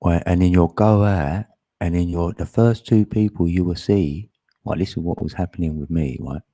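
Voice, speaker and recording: A man's voice: sits low, normal speed, warm tone, no room sound. A man chatting casually on a live stream, laughing often and greeting viewers by name.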